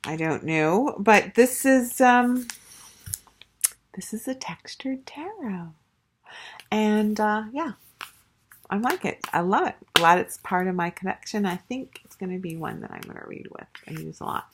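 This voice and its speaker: A woman's voice: mid-range voice, expressive, normal speed, a little hiss or hum. A woman casually reviewing a tarot deck, gushing and chatty, with lots of fillers and restarts. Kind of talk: casual show-and-tell review.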